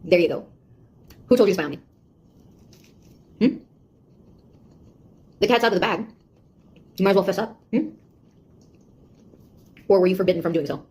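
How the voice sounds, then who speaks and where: A woman's voice: mid-range voice, lively intonation, moderate pace, pauses often, warm tone, slightly rough. An actress playing a sarcastic young woman, a beta tester who mocks and scolds a nosy AI in a one-sided audio drama. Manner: mocking, taunting, exasperated.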